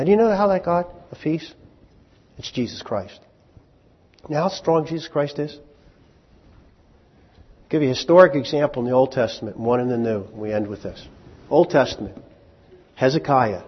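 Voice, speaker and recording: A man preaching a sermon as pastor, conversational and joking, dropping to a hush and then bursting out loud. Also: mid-range voice, slightly rough. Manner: animated, jumps from hushed to loud in sudden bursts. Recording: long hall reverb, dull lo-fi sound.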